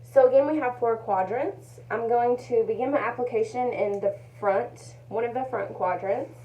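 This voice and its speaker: A woman giving a calm, methodical step-by-step tutorial, narrating each move and repeating her key points. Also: fairly high pitch, moderate pace, muffled recording, a little hiss or hum. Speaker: hair color educator.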